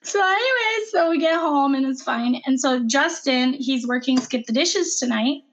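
A woman in her thirties, a podcast co-host, telling a hectic family story in casual chat with lively acted-out quotes. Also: high voice, normal speed. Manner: animated, breathless retelling with acted-out quotes.

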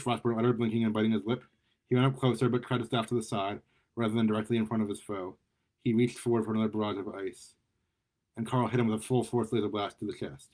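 A man reading a superhero story aloud in a lively way, often stumbling and repeating words. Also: fairly low pitch, fast. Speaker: story reader.

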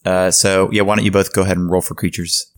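Young adult man, GM, casual filler-heavy narration, lowish voice. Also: little pitch movement, quick pace. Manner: rambling, many fillers, often laughing. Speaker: game master. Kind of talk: narrating a comedic tabletop game.

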